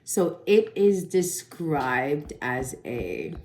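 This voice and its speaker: A woman's voice: deep voice, animated, very slow, darkish tone, slight background noise. A woman giving a casual, chatty film review full of slang and swearing. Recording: echoey room.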